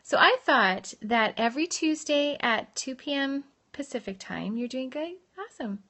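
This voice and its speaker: A woman's voice: sits high, lively intonation, normal speed, bright, forceful tone. A woman vocal coach giving a casual, upbeat livestream lesson, chatting with viewers and answering their comments. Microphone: phone livestream.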